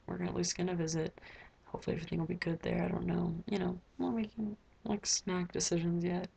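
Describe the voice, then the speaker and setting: A woman's voice: lowish voice, level tone, fast talker, gravelly, warm tone, slightly rough. A teenage girl recording a casual video diary in her bedroom, rambling with lots of filler words. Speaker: vlogger.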